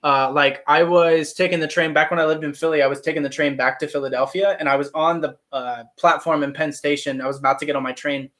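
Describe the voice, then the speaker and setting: A young man in his twenties chats on a live stream, answering viewer comments with easy, animated energy. His voice sits slightly high for a man. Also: fast, hardly any pauses. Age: 20s. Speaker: actor and channel host. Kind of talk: casual live-stream chat.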